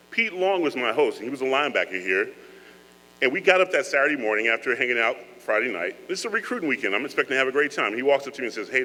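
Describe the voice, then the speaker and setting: A man's voice: medium pitch, bright, forceful tone. A man giving a joking, earnest speech to cadets, talking to them in a conversational way. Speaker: guest speaker. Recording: echoey hall with mains hum.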